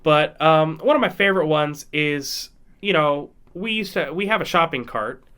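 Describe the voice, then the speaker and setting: A man's voice: a little high, normal speed, pushed and bright, smooth. Rambling casual podcast guy. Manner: rambling, many restarts. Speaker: podcast co-host. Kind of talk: casual chat.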